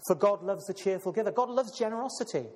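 A man's voice: sits high, quick pace. A man preaching a sermon and reading scripture, calling listeners brothers and sisters, with many fillers and repeated words. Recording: long hall reverb.

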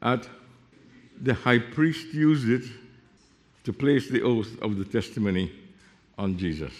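A man preaching a sermon, explaining Bible verses and reading them aloud, with sudden drops to a hushed voice. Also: mid-range voice, animated, measured pace, long pauses. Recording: long reverb of a hall.

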